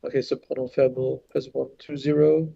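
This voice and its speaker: Gravelly French-accented male commentator. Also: medium pitch, normal speed, dull audio. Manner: relaxed, thinks aloud with restarts. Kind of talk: live board game commentary.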